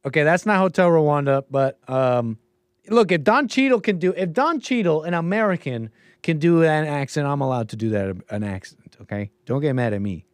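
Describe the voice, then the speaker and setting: A man's voice: on the high side, expressive, normal speed, no room sound, studio quality. A man hosting a livestream commentary show, rambling and musing aloud and often trailing off mid-thought. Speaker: show host.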